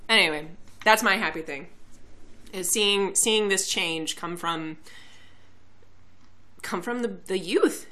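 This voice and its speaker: A woman's voice: mid-range voice, slow, pauses often, sharp tone. A young woman co-hosting a podcast, a little tipsy, talking earnestly in casual chat with many fillers and restarts. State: tipsy from drinking. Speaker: podcast co-host.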